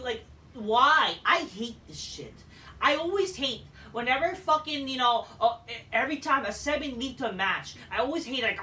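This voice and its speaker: A man's voice: high voice, animated, moderate pace, bright, forceful tone. A man reviewing a wrestling show in a profane, exasperated, sarcastic rant. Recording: echoey room, distant mic.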